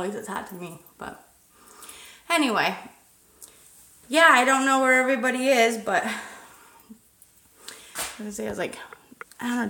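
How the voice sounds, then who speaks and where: A woman in her thirties chats through a night-time livestream, talking loosely to viewers and swearing without a second thought. Her voice sits a touch high and sounds bright and forward. The sound carries a noticeable roomy echo. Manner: rambling and chatty, swears freely, greets viewers. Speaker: paranormal livestream host. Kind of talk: casual livestream chat. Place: outdoors at night.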